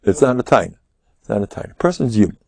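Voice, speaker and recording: An older man, giving an animated storytelling class as a rabbi. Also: fairly low pitch, quick pace, creaky, no room sound. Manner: animated, acts out quotes in raised voices, laughs often. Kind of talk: lively storytelling lecture.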